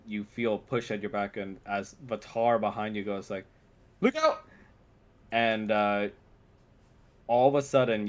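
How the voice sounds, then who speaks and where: A man narrating as game master of a tabletop game, with frequent pauses and fillers. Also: fairly low pitch.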